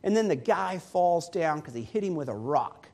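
High-voiced male preacher telling a story. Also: animated, normal speed, a little mellow. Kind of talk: sermon.

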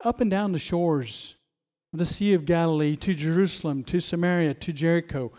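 A man's voice: fairly high pitch, lively intonation, normal speed, long pauses, mellow. A man preaching a sermon, emphatic, often repeating phrases and restarting as he stresses a point.

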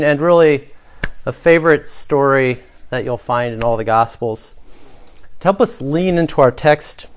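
A man preaching a sermon, telling a vivid story with hushed and loud moments. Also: medium pitch. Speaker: pastor.

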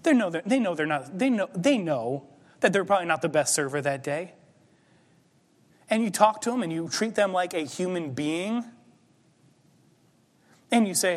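Pastor, male, higher voice, chatty preaching that swells to emphatic points, reverberant sanctuary. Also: lively intonation, moderate pace, long pauses. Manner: conversational preaching, rising to emphatic peaks. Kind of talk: sermon. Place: church sanctuary.

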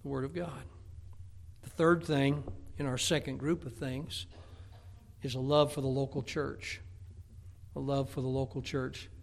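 A middle-aged man, a Baptist pastor, preaching a folksy, emphatic sermon, often stumbling over repeated words and breaking into shouts. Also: mid-range voice, flat delivery, measured pace, vocal fry, pauses often. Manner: repeats words when starting a thought.

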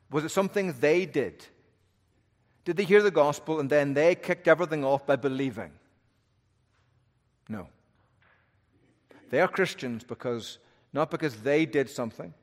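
A man preaching a sermon as pastor, speaking emphatically and swinging from strong rises down to hushed low phrases. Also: big-room sound. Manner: emphatic preaching, rising and dropping to hushed lows.

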